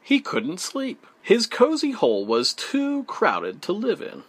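Slow, expressive man reading a picture book. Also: sits high, slightly rough, no room sound. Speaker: storybook reader. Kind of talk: children's audiobook read-aloud.

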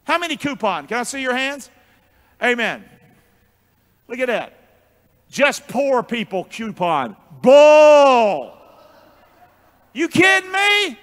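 A man preaching a sermon as pastor, with call-and-response, booming shouts and hushed asides. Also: sing-song, measured pace, long pauses. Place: church sanctuary.

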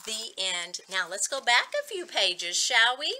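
A woman teacher reading a picture book aloud to young children and slowly sounding out word-family words. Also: on the high side, expressive, bright, forceful tone. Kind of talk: children's read-aloud and phonics lesson.

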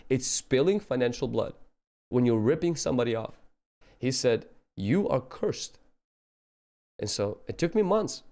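A man's voice: mid-range voice, a little mellow. A man preaching a sermon, telling personal stories and acting out the people he quotes in an earnest way. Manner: earnest, acts out quoted voices.

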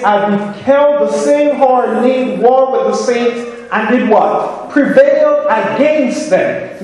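A man with a Jamaican accent preaches on prophecy, leaning on each phrase and calling for amens. His voice sits very high and moves at an unhurried, deliberate pace. The sound carries a long reverb from a large church hall. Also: darkish tone. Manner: slow, emphatic, asks the congregation for amens. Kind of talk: prophecy sermon with call and response.

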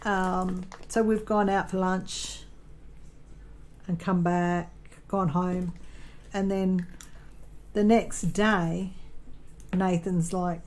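An Australian woman talks slowly in a steady, mid-range, slightly mellow voice, leaving long pauses. She's crafting at home and vlogging casually, rambling through a lengthy personal story with many ums and corrections of herself. The recording is rough.

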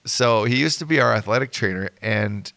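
A man's voice: mid-range voice, moderate pace, sharp tone, dry recording. A man in his thirties co-hosting a podcast, laughing through stories in casual chat. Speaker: podcast co-host.

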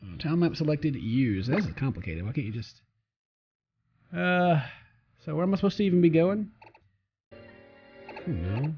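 A man's voice: a little high, very animated, unhurried, pauses often, slightly rough. A man casually commentating his gameplay as a let's play host, joking and chatting back at the game characters. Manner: jokey, talks to game characters and reads their lines aloud. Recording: slightly dull recording with faint game music.

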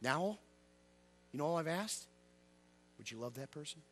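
Man preaching a revival sermon, high voice, lively swings in pitch, call-and-response with the congregation. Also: normal speed, a little hiss or hum. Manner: swings from loud high exclamations to low quiet asides. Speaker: evangelist preacher. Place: church.

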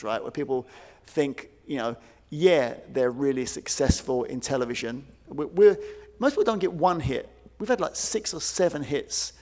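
A man delivers a conference keynote in a gravelly, fairly high voice, acting out the people in his stories with lots of fillers. His voice rings with the long reverb of a large hall. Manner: animated, acts out quoted voices, many fillers. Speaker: keynote speaker.

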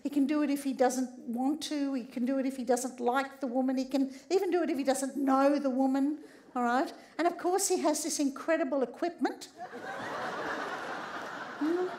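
A high-voiced, middle-aged woman speaks to a room as a sex therapist giving a humorous public talk. She is a lively storyteller who keeps checking in with her listeners and tags many of her lines with "all right?". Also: a little fast.

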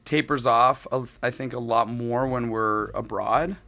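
A man in his thirties with a Canadian accent, a band frontman joking his way through a casual interview in an animated voice. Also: mid-range voice, a little slow. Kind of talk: casual chat.

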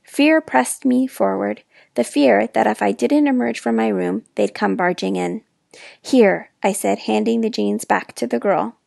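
A woman reading a children's novel aloud in expressive first person, with dramatic hushed moments, close to the mic. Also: on the high side, moderate pace, creaky, no room sound. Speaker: storyteller. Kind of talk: children's book read-aloud.

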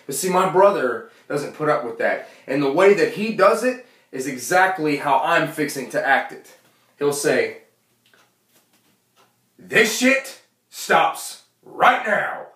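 A man doing rambling, animated stand-up comedy, recorded from far off in an echoey room. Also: a little high.

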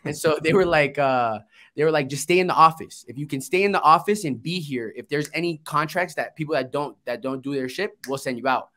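A man's voice: fairly high pitch, a little fast, a bit bright. A man who grew up in Florida, telling his story as a podcast guest in a laid-back way, swearing freely and acting out what people said. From Florida, United States. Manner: laid-back, swears, acts out quoted dialogue. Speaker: guest, investing entrepreneur. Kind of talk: casual storytelling interview.

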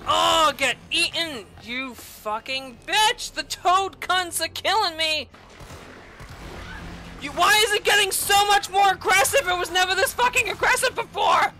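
Shrill, furious gamer woman. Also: measured pace. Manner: furious yelling and constant swearing at the game; sarcastic asides between outbursts. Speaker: gaming channel host. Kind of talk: gameplay commentary.

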